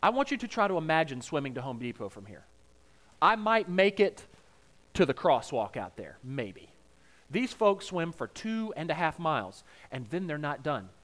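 A man's voice: a little high, big pitch swings, normal speed, a bit bright. A man with a Southern American accent preaching a sermon in a folksy, humorous storytelling way, joking with the congregation.

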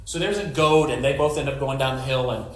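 A man's voice: mid-range voice, fast, roomy sound. A male pastor giving a conversational sermon, retelling scripture with jokes and storytelling asides.

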